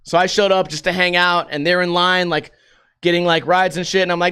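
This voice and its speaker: An American man hosting a podcast, telling rambling stories in a profane, animated way. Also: sits high, a little fast, smooth. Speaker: podcast host. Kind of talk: casual storytelling monologue.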